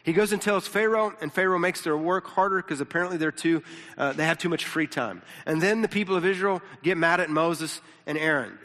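A man's voice: fairly high pitch, a little fast, fairly bright tone. A pastor teaching a sermon in a casual, conversational way, often repeating words and checking in with his listeners. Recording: long reverb of a large hall.

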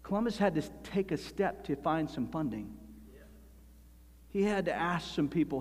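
A man preaching a sermon as pastor, animated and emphatic, slowing down to stress key phrases. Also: fairly high pitch. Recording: long hall reverb.

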